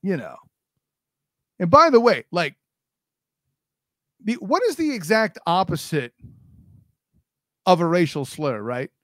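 Podcast host, man, high voice, dry close mic, opinionated and animated. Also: takes it slowly, pauses often, no room sound. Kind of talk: casual podcast banter.

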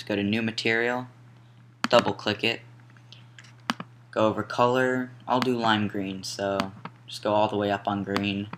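Casual young man giving software steps. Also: lowish voice, noisy background. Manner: casual, apologetic, self-correcting instructions. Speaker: tutorial maker. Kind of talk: screen-recorded software tutorial. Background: mouse clicks and typing.

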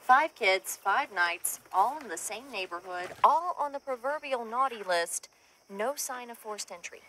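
Woman, dry and commanding lead investigator, higher voice, lively inflection. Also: unhurried, slight background noise. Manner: dry, no-nonsense. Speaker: cemetery night-shift worker turned investigator. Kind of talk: short horror-comedy film acting.

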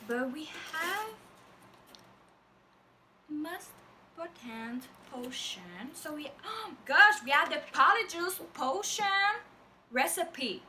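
A woman's voice: high voice, pushed and bright, distant mic, a little hiss or hum, rough recording. A young woman with a French accent, a native French speaker, gushing through a casual unboxing vlog with lots of fillers. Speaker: vlogger.

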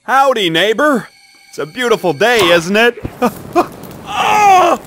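A man narrating and playing the lead in an animated joke cartoon, animated and exclaiming. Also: extremely high pitch, slow pace, a little hiss or hum. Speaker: cartoon narrator and main character.

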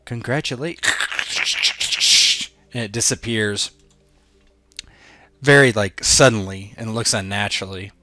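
A man's voice: on the low side, normal speed, pauses often, pushed and bright, dry recording. A man narrating a tabletop game as game master, in a loose, laughing way.

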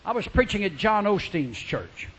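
Fervent high-voiced shouting preacher. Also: male voice, big pitch swings, moderate pace. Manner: fervent, swings from low storytelling to shouting; acts out people in his stories. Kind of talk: revival sermon.

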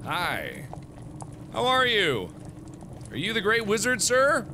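A man's voice: high voice, wildly swooping pitch, takes it slowly, noisy background, pitched above the performer's own voice, exaggerated voice. A man voicing a curious, polite ten-year-old girl in a game, asking earnest questions. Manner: earnest, questioning, addresses others as sir.

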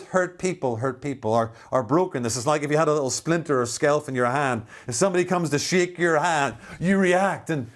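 A man, preaching a sermon as a pastor, who slows down for emphasis and drops to a soft voice at key lines. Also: a little high.

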